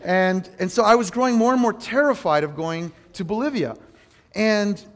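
A male pastor preaching a sermon, earnest and self-deprecating, telling personal stories in an animated way. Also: high voice, moderate pace.

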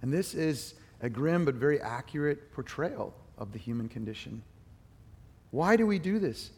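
A middle-aged man preaching a sermon, telling a personal story with animated, emphatic bursts. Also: medium pitch, normal speed, breathy edge. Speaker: pastor.

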